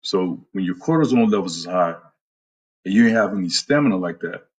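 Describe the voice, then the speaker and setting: A man's voice: sits low, animated, brisk, husky. A man who is a fitness trainer, giving a blunt, profane talk on a live stream and greeting viewers by name. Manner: blunt, profane, trash-talking.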